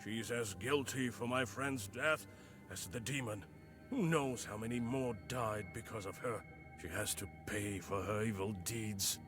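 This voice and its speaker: A loyal, shaken village man from a game, voiced by an actor, talking earnestly and with weariness. His voice sits low and he speaks slowly. Game music runs clearly behind. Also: natural voice. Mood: grim. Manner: earnest, weary. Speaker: game character. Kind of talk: video game voice acting.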